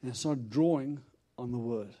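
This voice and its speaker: Itinerant preacher, male, mellow tone, animated storyteller voicing his own quotes. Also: mid-range voice, unhurried. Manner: animated storyteller, acts out quotes, laughs often. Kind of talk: storytelling sermon.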